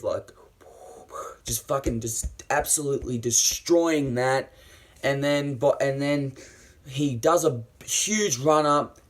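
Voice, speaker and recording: A man reviewing a series in a casual, enthusiastic, rambling way, swearing often and using many fillers. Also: mid-range voice.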